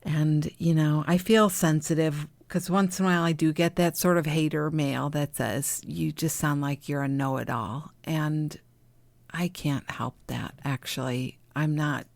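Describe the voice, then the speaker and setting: A middle-aged woman speaks slowly and gently in a low voice, coaching listeners through healing. She sounds soothing and encouraging and now and then drops to a soft whisper. The recording is dry and close. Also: fairly even intonation, no room sound. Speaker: podcast host, healing coach. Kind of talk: reflective spiritual talk.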